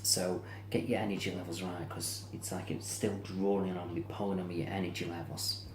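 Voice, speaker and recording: A man giving a spiritual card reading, speaking gently and repetitively, sounding tired and drained. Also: low voice, fairly even intonation, fairly quick, noisy background. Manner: soothing, repetitive, yawning and tired. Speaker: psychic card reader. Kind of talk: tarot-style reading to camera. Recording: echoey room with faint ambience.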